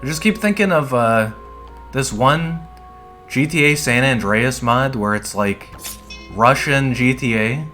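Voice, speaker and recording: A man's voice: medium pitch, measured pace, sharp tone, faint music behind. A man casually chatting while he plays a game, rambling and laid-back and swearing often. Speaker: streamer playing a dungeon game. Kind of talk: casual gameplay commentary.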